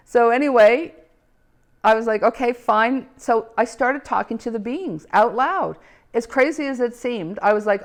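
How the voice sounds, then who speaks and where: Woman, gravelly, animated storyteller who plays out the dialogue. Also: mid-range voice, normal speed. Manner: animated, acts out quoted dialogue, frequent laughs. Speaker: speaker telling her own story. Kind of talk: casual personal storytelling.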